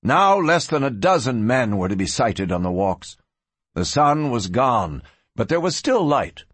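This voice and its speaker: A man reading a western audiobook aloud, his voice husky and lively, rising and falling as he tells the story. The sound is close and dry, with no room around it. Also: mid-range voice, unhurried, no echo. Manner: expressive, varied storytelling. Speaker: audiobook narrator. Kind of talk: scripted western audiobook narration.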